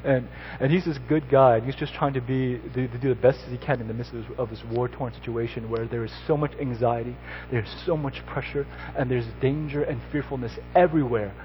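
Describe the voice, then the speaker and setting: A man's voice: mid-range voice, steady tone, brisk, few pauses. Man preaching, dull recording. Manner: storytelling, building to loud emphatic exhortation. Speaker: pastor. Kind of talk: sermon. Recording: slightly dull recording with faint noise.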